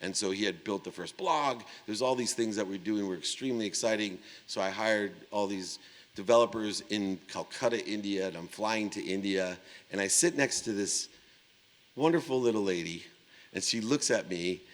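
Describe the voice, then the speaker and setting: Middle-aged male keynote speaker, lowish voice, animated storyteller, conference-hall reverb. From Ohio, USA. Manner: animated, acts out dialogue with big swings in pitch and volume.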